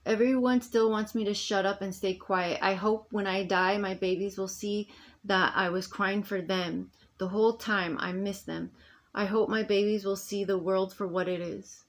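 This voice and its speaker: A woman records a rambling personal vlog, speaking at a mid pitch. She talks emphatically, restarts her sentences often and lets them trail off. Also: steady tone, normal speed. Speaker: vlogger.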